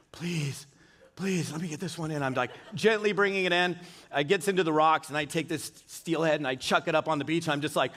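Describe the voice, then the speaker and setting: High, bright-voiced keynote speaker on stage. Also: male voice. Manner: energetic storytelling with audience questions. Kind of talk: live motivational keynote. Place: large event hall on stage.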